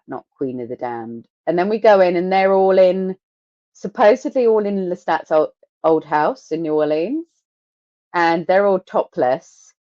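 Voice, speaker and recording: Deep-voiced woman ranting on a podcast, swears a lot, dry muffled lo-fi sound. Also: no echo. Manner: animated, sweary, sarcastic storytelling. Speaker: podcast co-host. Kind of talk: casual podcast chat. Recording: dry, dull lo-fi mic.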